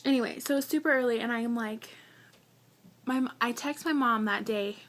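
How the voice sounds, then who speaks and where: A woman's voice: fairly high pitch, moderate pace, fairly bright tone. A young woman vlogger telling a personal story in a chatty, earnest way, filling her talk with "like" and getting emotional. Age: young adult. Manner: chatty, heavy use of "like", earnest; emotional, close to tears.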